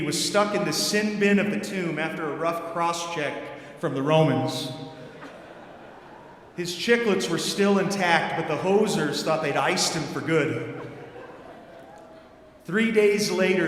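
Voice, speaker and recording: A priest putting on a Canadian accent to tell a playful, slang-filled hockey-style story in an echoing church. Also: male voice, on the high side, a little hiss or hum, natural voice. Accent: put-on Canadian. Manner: playful, slang-heavy, mock-announcer delivery. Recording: echoey church with long reverb.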